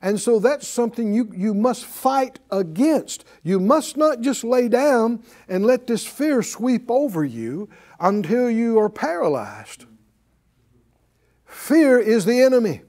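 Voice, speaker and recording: A man's voice: very high voice, sing-song, slow pace, a little mellow. A man teaching a Bible class as a sermon, emphatic and calling for responses from the class.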